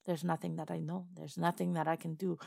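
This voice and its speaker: A woman's voice: low-pitched, little pitch movement, brisk, creaky, dark tone, no echo, studio quality, heavily acted. A woman voicing a haughty, condescending female sea-creature madam in a listener role-play audio. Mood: sultry. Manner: sultry, condescending, purring.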